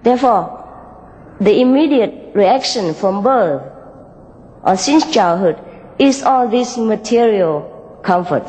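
A woman telling a moral fable and giving a spiritual talk, gently and with frequent small laughs, in loosely built English. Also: mid-range voice, animated, slow, pauses often, in a large hall, low-quality recording. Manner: gentle, laughs often, unpolished English grammar.

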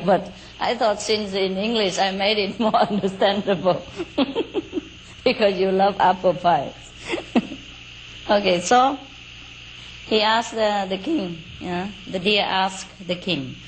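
A woman telling a folk tale aloud in a relaxed, unhurried way, with chatty asides, fillers and small laughs. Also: mid-range voice, rough recording. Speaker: storyteller. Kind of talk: casual oral storytelling. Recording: faint outdoor cricket noise.

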